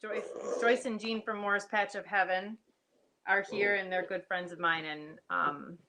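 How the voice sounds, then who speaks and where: A woman's voice: mid-range voice, fairly even intonation, measured pace, background noise. A woman hosting a casual livestream chat, laughing often and greeting viewers by name. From United States. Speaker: livestream host.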